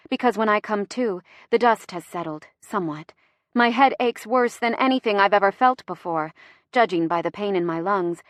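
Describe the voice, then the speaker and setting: A woman giving an expressive, dramatic first-person reading of a romance audiobook. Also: medium pitch, no room sound. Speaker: audiobook narrator.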